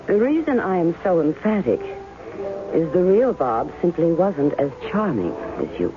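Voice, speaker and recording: A woman's voice: on the low side, big pitch swings, a little slow. An actress playing a cool, skeptical estranged wife who is testing a man, in 1970s radio drama style. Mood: sharp. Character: wary, sharp-tongued estranged wife testing an impostor. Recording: tinny old radio broadcast with music.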